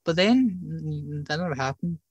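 A man's voice: a little high, animated, moderate pace, breathy edge, dry recording. A young man hosting a podcast in casual chat, slangy and teasing, often breaking into laughter. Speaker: podcast host.

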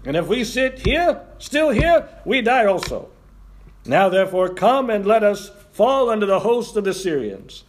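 A man's voice: high voice, big pitch swings, unhurried, pitched above the performer's own voice. A man voicing desperate, starving outcast men, in a pleading, dramatic lament.

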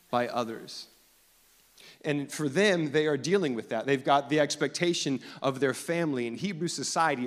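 A man pastor preaching a sermon in a casual, storytelling way with many restarts. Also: medium pitch. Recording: long echo of a church hall.

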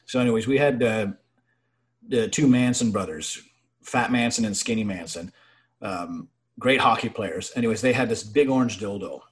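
A young man telling profane, animated stories from his naval service in casual chat. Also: on the low side, moderate pace.

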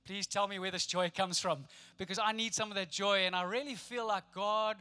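A middle-aged South African man with a high, bright voice delivers a sermon as pastor. He tells funny stories and throws playful asides to the congregation. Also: steady tone, a little fast, clear, resonant tone. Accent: South African English.

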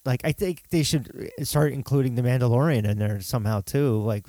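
A man hosts a casual chat, rambling along in a relaxed way. His voice sits at an ordinary pitch for a man. The recording is dry and close to the mic. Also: brisk, no room sound. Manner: relaxed, rambling, many fillers.

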